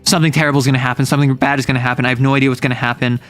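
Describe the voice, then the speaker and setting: Give me a man voicing a terrified young woman babbling fast warnings. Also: medium pitch, little pitch movement, a bit bright, faint music behind, natural voice. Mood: frantic. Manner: rapid, repetitive panicked warnings.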